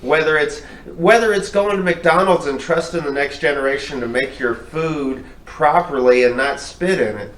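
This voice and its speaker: A man's voice: on the high side, fairly bright tone. Rambling male podcast host. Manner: rambling, halting restarts. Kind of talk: casual chat. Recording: echoey room with faint noise.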